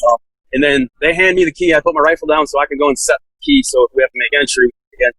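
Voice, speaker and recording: Laid-back man, higher voice. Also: rapid-fire, bright, forceful tone, husky, no room sound, poor audio. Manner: laid-back, lots of "like" fillers, laughs while telling. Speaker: podcast guest, SWAT officer. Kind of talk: casual storytelling.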